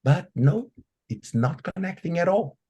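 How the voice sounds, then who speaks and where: A Brazilian man with a Brazilian accent, Portuguese his first language, speaking on a conference panel with animated, stumbling restarts. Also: fairly high pitch, measured pace, husky.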